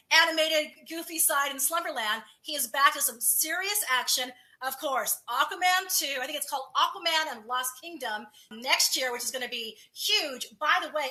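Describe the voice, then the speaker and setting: A woman's voice: sits high, pushed and bright. A woman entertainment correspondent chatting casually and gushing about new films. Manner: bubbly, gushing. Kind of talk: casual news chat.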